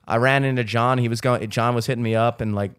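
A man's voice: medium pitch, steady tone, quick pace, fairly bright tone, clear, resonant tone, no room sound, clean studio sound. Rambling, profane man in his thirties. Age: 30s. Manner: rambling, profane, heavy use of "like". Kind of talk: casual storytelling chat.

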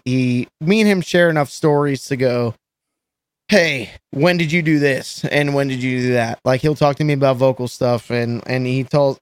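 A man who sings in a metal band, chatting as a podcast guest in an animated, rambling way and swearing freely. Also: medium pitch, clean tone, dry recording. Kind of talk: casual podcast chat.

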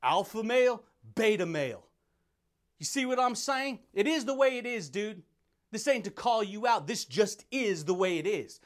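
A man's voice: sits high, lively intonation, moderate pace. A man hosting a motivational podcast, talking in an intense, brash way, laughing often and calling the listener dude and buddy. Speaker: podcast host. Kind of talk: motivational monologue.

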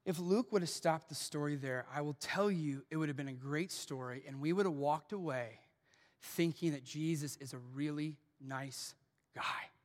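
A man preaching a sermon as pastor in a church, swinging from hushed lines to shouted peaks. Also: a little high, moderate pace, long reverb tail. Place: church auditorium.

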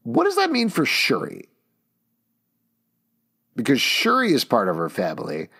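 A middle-aged man hosting a podcast, excitedly breaking down a movie trailer in casual chat. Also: medium pitch, creaky, husky. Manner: enthusiastic, quick, animated asides. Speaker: podcast host. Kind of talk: casual pop-culture chat.

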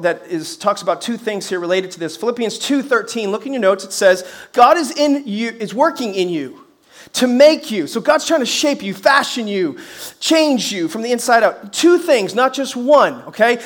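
High-voiced energetic male pastor preaching. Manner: energetic, emphatic, rising to shouts on key phrases; folksy humor with repeated rhetorical questions. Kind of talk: sermon. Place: church service before a congregation.

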